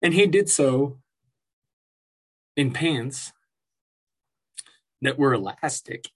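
A man's voice: mid-range voice, animated, very slow, husky. A man delivering an angry, profane, sarcastic rant as commentary, with mocking asides. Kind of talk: ranting commentary.

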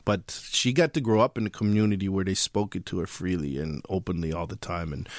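Man, filmmaker in interview, mid pitch, thoughtful with many restarts, dry close sound. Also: brisk, no echo. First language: not fluent in his heritage language. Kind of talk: interview conversation.

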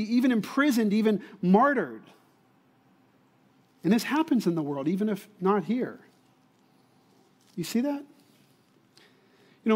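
A man's voice: high-pitched, a little mellow. A man and Bible teacher giving a sermon to college students in a conversational way, often repeating words and asking the listeners whether they see it.

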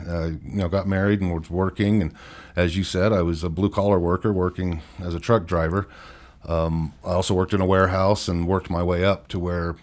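A middle-aged man, an interview guest, frankly telling a personal story in a halting way, with wry chuckles. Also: sits low, darkish tone. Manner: frank, halting, chuckles wryly through hard memories.

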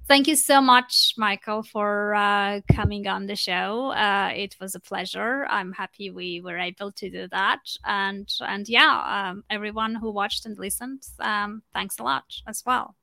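Gravelly, bright-voiced woman podcast host. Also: medium pitch, fairly even intonation, measured pace, hardly any pauses, no room sound. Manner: repeats words, many ums, warm thanks. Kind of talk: casual interview chat.

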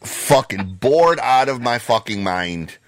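A man co-hosting a podcast, ranting in a heated, profane way and breaking into loud shouts. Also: medium pitch, animated, slow, no room sound, soft background music. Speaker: podcast co-host.

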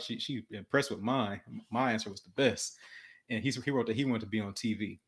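A man's voice: on the low side, brisk. Earnest young man with a stammer. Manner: earnest, repeats words and restarts, says he stutters. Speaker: podcast guest. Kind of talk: casual storytelling.

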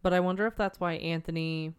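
Smooth low-voiced young woman chatting. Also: fast. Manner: emphatic, gushing, animated opinions. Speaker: podcast co-host. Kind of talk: casual chat.

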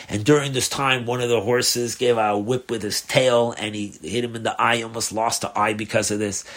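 A man, a rabbi, telling a story during a religious class, animated and chuckling along as he narrates. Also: on the low side. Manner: animated storyteller, acts out voices, chuckles at his own story.

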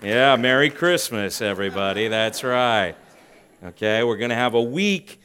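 A man preaching a sermon as pastor, swinging between loud emphasis and hushed tones. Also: mid-range voice, animated, normal speed, slight background noise.

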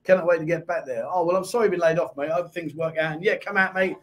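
High-voiced London man chatting. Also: very fast. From England. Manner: chatty, reads viewer comments aloud and answers them. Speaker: host. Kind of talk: casual live-stream chat.

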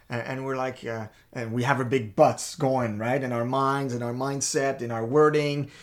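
Male co-host of a faith talk show. Animated and emphatic, with frequent restarts. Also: medium pitch. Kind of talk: faith talk with personal stories.

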